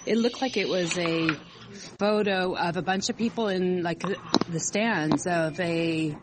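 Speaking at a measured pace in a voice on the low side, this woman co-hosts a casual chat over online audio. Her talk rambles as she hunts for words, all through a noisy call connection.

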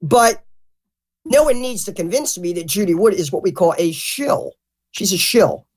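A woman talking bluntly and profanely as a guest in a casual interview. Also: medium pitch. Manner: animated, mimics others. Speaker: podcast guest.

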